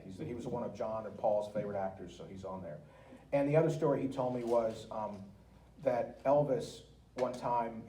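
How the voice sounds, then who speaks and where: Male guest speaker, lively storyteller, roomy room sound with faint background noise. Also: medium pitch, distant mic. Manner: lively, laughing storyteller who acts out quotes. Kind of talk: anecdotal storytelling to an audience. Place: museum meeting room.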